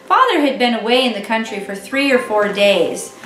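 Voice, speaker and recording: A woman reading a children's book aloud with an expressive, animated delivery. Her voice is fairly high and very lively in pitch. The sound is roomy and distant, with faint music underneath. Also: normal speed. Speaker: children's ministry reader. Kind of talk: storybook read-aloud for children.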